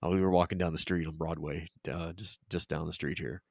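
Deep-voiced laughing male podcast host. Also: steady tone, fairly quick, creaky, no echo, studio quality. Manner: laughs a lot, quotes movie lines in loud put-on voices. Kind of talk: casual chat.

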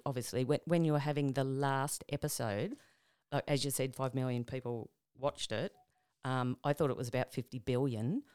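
A woman's voice: low-pitched, a little mellow, smooth, dry recording, studio quality. An Australian woman hosting a casual interview, enthusiastic and gushing, with easygoing slang. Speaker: podcast host.

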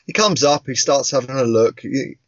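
Animated, swearing man in his forties. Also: medium pitch, normal speed, dry recording. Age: 40s. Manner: animated storyteller, swears and laughs often. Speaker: podcast co-host. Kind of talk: casual podcast chat. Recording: dull, dry lo-fi sound.

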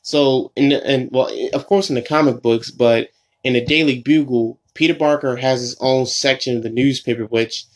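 A young man hosting a casual solo podcast, rambling and excitable, full of fillers and restarts. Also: medium pitch, moderate pace. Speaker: podcast host.

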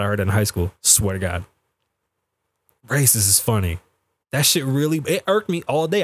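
A podcast host from the Bronx with a somewhat high voice, ranting in a heated, profane way. The sound is close and dry, with little room around it. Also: male voice, dry recording. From the Bronx, New York. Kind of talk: casual podcast rant.

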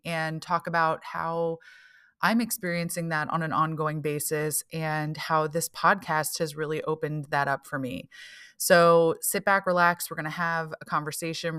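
A woman's voice: lowish voice, fairly bright tone. A woman hosting her own solo podcast, talking in a chatty, reflective way and briefly acting out the inner voices she describes. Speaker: podcast host.

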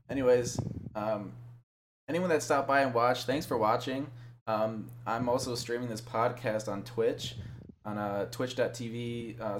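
A man's voice: mid-range voice, a little hiss or hum. Laid-back young man hosting a podcast. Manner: laid-back, laughing, swearing banter. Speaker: podcast host. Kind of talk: casual podcast chat.

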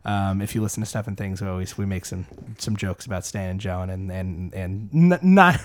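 A man's voice: low voice, normal speed. Rambling man hosting a podcast. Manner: rambling, many fillers and restarts. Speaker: podcast host. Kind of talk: casual podcast chat.

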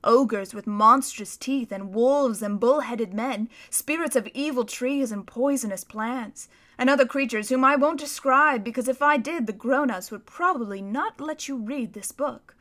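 A woman reads a children's story aloud with dramatic, expressive storytelling. Her voice is bright and sits fairly high. She slows down and leans into the vivid scenes. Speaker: narrator. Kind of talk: audiobook reading of a children's story.

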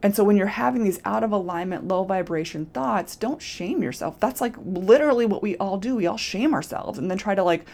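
Expressive woman coaching on food guilt. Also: mid-range voice, a little fast, vocal fry, few pauses. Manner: casual, expressive, acts out quoted self-talk. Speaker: nutrition and mindset coach, podcast host. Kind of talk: solo podcast monologue.

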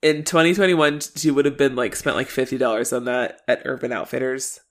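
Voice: mid-range voice, fairly even intonation, brisk. A podcast co-host chatting casually, rambling through a memory with many fillers. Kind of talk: casual recap chat.

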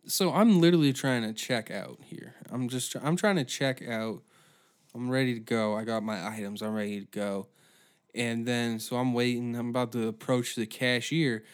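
A man's voice: mid-range voice, moderate pace. A man hosting a podcast, ranting through a sarcastic, profane comedic monologue. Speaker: podcast host.

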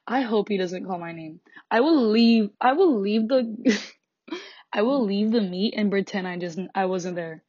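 A teenage girl rants about her school day, frustrated and sarcastic, swearing freely and laughing in between. Her voice sits at a middling pitch. The recording is a bit muffled and dry, with no room sound. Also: expressive, unhurried, darkish tone, no echo. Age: teens. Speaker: high school student. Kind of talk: venting rant to camera.

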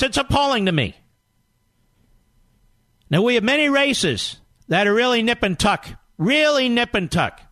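A man with a very high, sharp-toned voice hosts a political talk radio show, recorded with no echo. His combative monologue is emphatic and rallying, packed with rhetorical questions.

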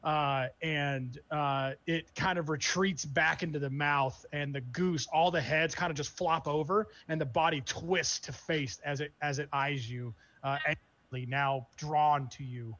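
A man's voice: a little high, fairly even intonation, measured pace, fairly bright tone. A man narrating as game master, describing the scene casually with many fillers.

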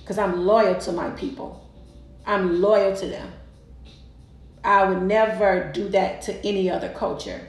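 A woman's voice: medium pitch, steady tone, measured pace, long pauses, echoey room, soft background music, low-quality recording. A woman casually telling a personal story, emphatic and colloquial, often repeating herself.

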